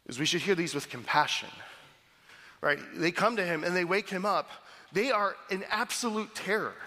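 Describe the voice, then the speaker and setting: A man preaching a sermon in a conversational, animated way, often restarting his words. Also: high-pitched. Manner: conversational, animated, with frequent repeated starts. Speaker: pastor. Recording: reverberant hall.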